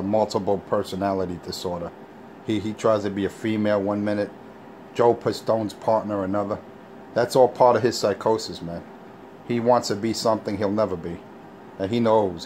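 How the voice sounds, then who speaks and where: A man's voice: on the low side, fairly even intonation, moderate pace, darkish tone, a little hiss or hum. A man hosting an online talk show, taunting and mocking someone in a profane way. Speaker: show host. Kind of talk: casual mocking chat.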